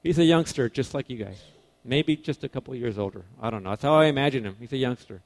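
A man preaching a casual sermon to young people, animated, swinging between loud emphasis and quiet asides, often correcting himself. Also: medium pitch, quick pace. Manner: casual, self-correcting, informal phrasing.

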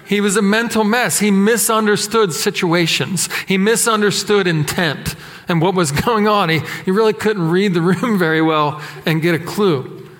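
A man preaching a sermon, telling self-deprecating stories in an animated way. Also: sits high, normal speed, in a large hall. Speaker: pastor.

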